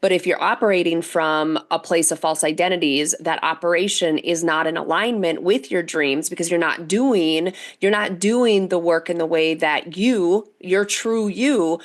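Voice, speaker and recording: Woman, forties, interview guest, earnest, animated storyteller. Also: fairly low pitch, moderate pace, hardly any pauses. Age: 40s. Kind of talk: interview conversation.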